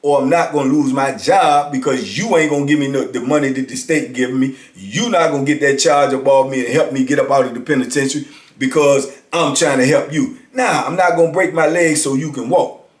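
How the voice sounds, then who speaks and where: A man's voice: mid-range voice, fairly quick. A man in his fifties casually telling a story about prison life, talking conversationally and often checking in with "you know what I'm saying". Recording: roomy echo.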